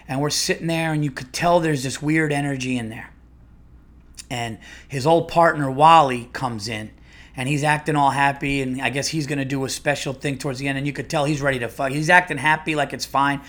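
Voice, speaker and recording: A man's voice: mid-range voice, fairly even intonation, a little fast, a bit bright. A man, a comedian and podcast host, telling a rambling, profane story with many restarts. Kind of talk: casual storytelling monologue.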